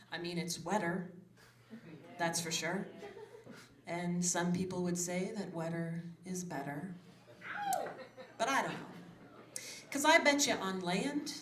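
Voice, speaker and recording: A female comedian giving a wry, playful mock-earnest speech in a comic debate at a pub. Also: medium pitch. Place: pub stage with a live audience. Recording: roomy live recording with audience.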